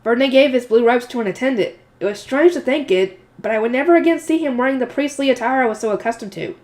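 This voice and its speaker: A woman's voice: on the high side, fast, darkish tone. A woman reading a light novel aloud with a slightly nasal voice, breaking off into chatty, emotional asides. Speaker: audiobook reader.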